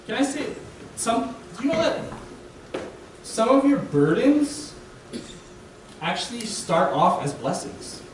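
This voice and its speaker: A man's voice: very high voice, sing-song, slow pace, pauses often. A young man giving a casual, conversational sermon as a guest preacher, checking in with listeners by asking "right?". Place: church sanctuary. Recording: echoey hall, distant mic, faint hiss.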